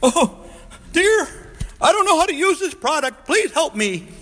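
A man voicing a bumbling, helpless husband from a TV commercial, whiny and high-pitched. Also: sing-song, unhurried, bright, forceful tone, big-room sound, heavily acted. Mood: mock helpless.

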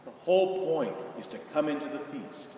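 Man preaching with big shouts in an echoey hall. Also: a little high, lively intonation, fairly quick, distant mic, a little hiss or hum. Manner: emphatic, rising to shouts for stress. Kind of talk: sermon. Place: large church.

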